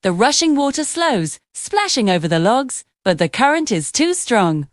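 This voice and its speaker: A woman narrating a children's animal story in an expressive storytelling manner. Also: on the high side, normal speed, dry recording, studio quality.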